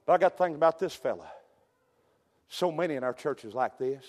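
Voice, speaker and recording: Pastor, high tenor, folksy sermon in a reverberant sanctuary. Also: male voice, expressive, a little fast. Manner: folksy storytelling, peppered with amen, rising to shouts. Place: church sanctuary.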